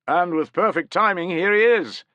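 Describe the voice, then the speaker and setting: A man voicing a gruff, hardened Roman centurion who bellows to his troops, in an audiobook. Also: high voice, normal speed, pushed and bright, dry recording, lo-fi sound, voice pushed up. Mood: roaring. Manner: bellowing orders, growling curses.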